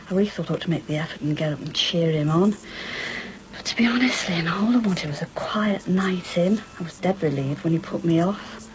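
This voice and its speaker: A tired wife. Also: female voice, sits low, a little mellow, slight background noise, poor audio. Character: tired, low-spirited wife, quietly hurt. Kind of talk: 1990s TV soap acting.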